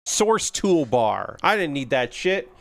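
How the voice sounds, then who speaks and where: A man livestreaming his model kit hobby, chatting casually, muttering to himself and swearing freely, and getting excited about the kits. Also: on the high side, slow pace, vocal fry.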